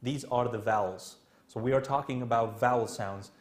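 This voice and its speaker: A man with a Kurdish accent, a native Kurdish speaker, teaching an English grammar lesson, explaining step by step and often checking in with "okay?". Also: mid-range voice. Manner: slow, repetitive explaining with many "okay?" checks.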